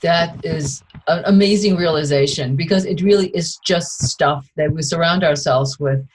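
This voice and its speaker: A woman hosts an interview over a video call, her voice a little low. She answers with empathy and shares her own asides, over a faint hum of noise. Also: normal speed, rough recording. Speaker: host.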